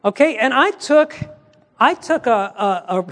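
Pastor guy with a really high voice, chatty teaching talk, long echo like a church hall. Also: big pitch swings, a little slow, a bit bright. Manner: conversational, acts out quoted dialogue.

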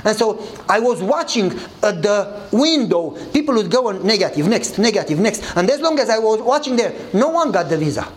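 A pastor speaks at normal speed with few pauses, telling a sermon story in English with non-native grammar. He dramatizes the dialogue through shifting pitch. The poor audio carries a little hiss or hum.

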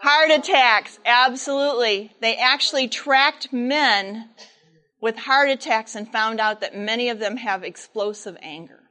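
A woman speaking to a church congregation, with a slightly high voice. She tells a story in a lively, animated way and keeps turning to her listeners with asides. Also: a little slow. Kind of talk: storytelling sermon talk.

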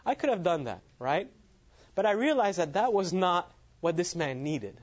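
A man's voice: high voice, sing-song, unhurried, pauses often. A man giving a sermon as he tells a personal story, laughing often at his own lines. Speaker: preacher. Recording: dull lo-fi sound.

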